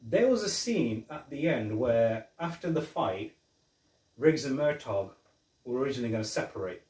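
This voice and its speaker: A man's voice: medium pitch, lively intonation, normal speed, darkish tone. Rambling man in an echoey room. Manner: rambling, retells scenes with restarts and laughs. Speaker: podcast host. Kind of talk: casual film review chat. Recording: roomy, mic at a distance.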